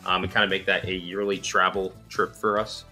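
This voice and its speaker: Low-voiced, tired-sounding male host. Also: flat delivery, fairly quick, pushed and bright, faint music behind. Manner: rambling, filler-heavy. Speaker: channel host. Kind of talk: casual podcast chat.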